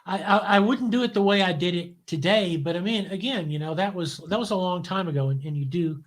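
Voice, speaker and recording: A man's voice: high-pitched, brisk. Older male guest, wry cynical storyteller, loose conversational delivery with frequent restarts. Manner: relaxed anecdotal storyteller, wry and cynical, repeats words as he restarts. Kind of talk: casual interview storytelling.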